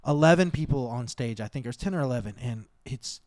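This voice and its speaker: A man's voice: medium pitch, expressive, fairly quick, a little mellow. A man co-hosting a podcast, chatting casually and enthusiastically about favorite albums. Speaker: podcast co-host. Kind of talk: casual chat.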